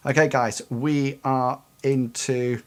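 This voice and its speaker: Game master, tabletop narration, lots of ums and laughs, slow pace. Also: medium pitch, fairly even intonation. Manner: halting, filler-heavy narration with frequent laughs.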